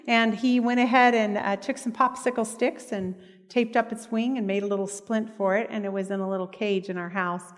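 A woman's voice: medium pitch, in a large hall. A woman giving a heartfelt preaching talk and telling personal stories. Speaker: speaker at a church meeting.

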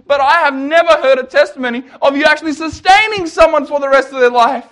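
A young man telling his faith story to an audience, animated and jokey, acting out the lines of the people he quotes. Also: extremely high pitch, fast talker. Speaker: speaker. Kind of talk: testimony talk to an audience.

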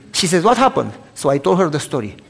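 Older pastor guy preaching, acts out every voice, pitch sits a bit high, big echoey hall. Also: noisy background. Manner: animated, acts out both sides of dialogues loudly. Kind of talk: sermon storytelling. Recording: long hall reverb.

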